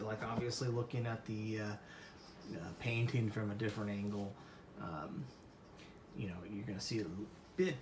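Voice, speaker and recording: A man's voice: mid-range voice, fairly bright tone, roomy sound, slight background noise. A man from Colorado giving a casual oil painting lesson, rambling and self-deprecating, with many fillers. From Colorado, USA.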